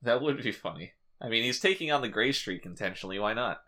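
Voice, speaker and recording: A man's voice: mid-range voice, lively intonation, fast, bright, forceful tone. Joking man co-hosting a podcast. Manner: crude joking banter. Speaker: podcast co-host. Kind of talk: casual comedic podcast chat.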